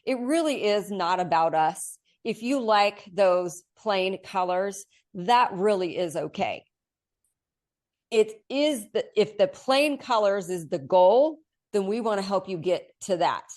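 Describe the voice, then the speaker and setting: A woman co-hosting a coaching podcast, speaking earnestly and directly, quick to laugh. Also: medium pitch, expressive, darkish tone. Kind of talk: casual podcast chat.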